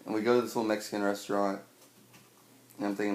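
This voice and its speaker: A young man in his twenties, swearing a lot and telling a personal story with wry humor, acting out scenes loudly at times. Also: on the low side, flat delivery, fast. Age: 20s. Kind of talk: personal storytelling, stand-up style. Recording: echoey room with faint noise.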